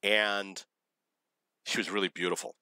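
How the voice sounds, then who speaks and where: Blunt, bright-toned storytelling man. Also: fairly low pitch, flat delivery, measured pace, smooth, dry recording. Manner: blunt, opinionated, laughs at his own stories. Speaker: vlogger telling dating stories. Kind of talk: rambling personal storytelling.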